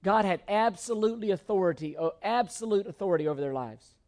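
A man's voice: high-pitched, lively intonation, quick pace, a little mellow. A man preaching a sermon, reading scripture aloud and explaining it in an earnest, emphatic way, often restarting and repeating words. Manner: reads scripture aloud between comments.

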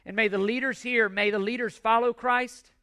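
Male pastor, bright high voice, emphatic repetitive sermon delivery. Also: fairly even intonation, clean tone. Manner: emphatic, repetitive preaching with measured pauses.

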